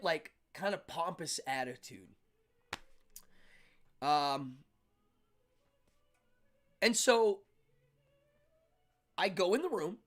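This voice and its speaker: Animated man telling a story. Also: sits high. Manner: animated, acts out yelling voices in his story. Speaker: podcast host. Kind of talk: casual storytelling.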